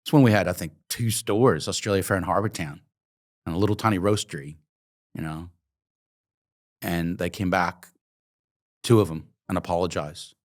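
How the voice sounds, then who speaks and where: Deep-voiced man telling stories. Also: moderate pace, long pauses. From Oregon, USA. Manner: vivid anecdotes, acts out dialogue, casual swearing. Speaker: interview guest, coffee entrepreneur. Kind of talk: conversational storytelling.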